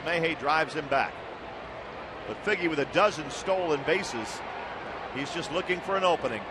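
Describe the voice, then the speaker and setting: A man's voice: on the high side, moderate pace, pauses often, background noise. A man doing baseball play-by-play commentary, his voice lifting on big plays. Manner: excited rises on big plays. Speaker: play-by-play announcer.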